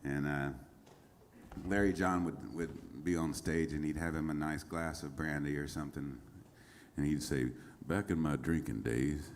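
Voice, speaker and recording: Man, extremely low voice, singer-songwriter, rambling onstage storytelling, halting and chuckling. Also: steady tone, slight background noise. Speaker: singer-songwriter telling stories between songs. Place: small concert venue stage.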